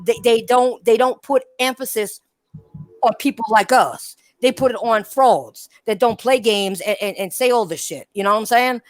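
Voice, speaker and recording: A woman's voice: fairly high pitch, moderate pace, no room sound. Blunt, ranting woman podcast host. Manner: blunt, profane, repetitive, addresses listeners directly. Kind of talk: heated casual podcast rant.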